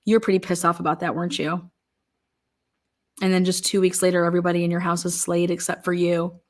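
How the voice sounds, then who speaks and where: A woman's voice: on the low side, flat delivery, quick pace, darkish tone. A woman giving true crime commentary in a blunt, sarcastic and profane way, firing off pointed questions.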